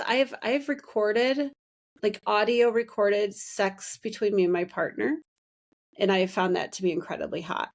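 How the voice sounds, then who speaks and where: A woman's voice: medium pitch, darkish tone. A middle-aged woman hosting a podcast, chatting casually and rambling with many restarts. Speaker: podcast host. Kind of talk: casual chat.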